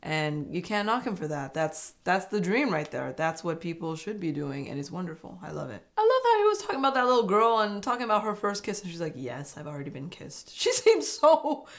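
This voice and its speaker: A woman casually recapping a reality dating show, chatty and animated with sarcastic asides. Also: fairly low pitch, fairly quick, hardly any pauses. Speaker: host.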